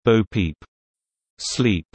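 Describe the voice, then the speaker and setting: Slow, low-voiced man teaching slang. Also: a little mellow, dry recording. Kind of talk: slow explanatory reading of word pairs.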